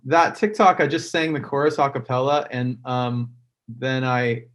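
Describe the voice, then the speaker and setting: A man's voice: mid-range voice, steady tone, measured pace, fairly bright tone. A man chatting casually on a video call, rambling with many ums and likes. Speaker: musician guest on fan call. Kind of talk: casual chat.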